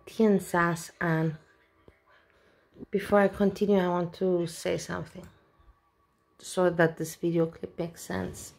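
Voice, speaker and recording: A woman's voice: fairly low pitch, level tone, takes it slowly, creaky, pauses often. A woman vlogger talking casually and openly emotional, with a rambling way of speaking. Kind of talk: casual reaction vlog.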